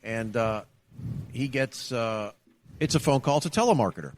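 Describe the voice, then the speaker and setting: Animated middle-aged man telling a story. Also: mid-range voice, normal speed. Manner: animated, acts out the calls. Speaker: podcast co-host, ex-trooper. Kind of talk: casual storytelling chat. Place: bar.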